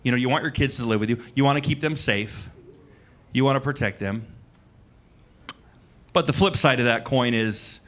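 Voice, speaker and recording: At a comedy club, a stand-up comedian in his forties works the live audience with a casual, conversational set full of "likes" and side comments. He speaks at a medium pitch and moderate pace, pausing often, with a slightly bright tone.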